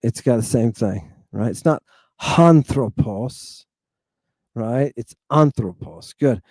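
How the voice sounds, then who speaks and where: Man, teacher, animated casual lesson, mellow voice, dry close recording. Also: medium pitch, normal speed, dry recording. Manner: animated, repeats "fantastic" and "right?", addresses listeners as "people". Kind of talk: informal lesson.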